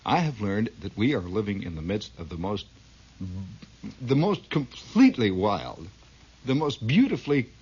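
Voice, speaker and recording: Male comic monologuist, rambling and animated, husky, on dull lo-fi old tape. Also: lowish voice, normal speed. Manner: rambling, laughing at his own tale. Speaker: comedian.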